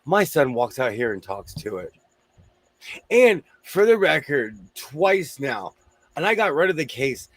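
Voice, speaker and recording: A man's voice: a little high, sing-song, a little slow, no echo. A man hosting a casual chat, joking around while losing his voice. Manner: chatty, joking asides. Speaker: host.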